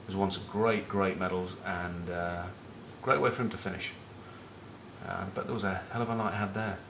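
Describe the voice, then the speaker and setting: A man's voice: deep voice, fairly even intonation, normal speed, vocal fry, a bit bright, echoey room, a little hiss or hum. A middle-aged man from northern England with a Northern English accent, a former rugby captain rambling through cheeky, sweary match talk and anecdotes. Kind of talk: casual rugby chat with anecdotes.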